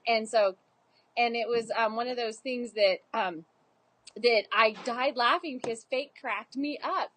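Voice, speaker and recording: A woman's voice: fairly high pitch, unhurried, a bit bright, no room sound, poor audio. A young woman talking animatedly about a book, giggling and acting out quoted characters. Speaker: book vlogger. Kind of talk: casual book discussion.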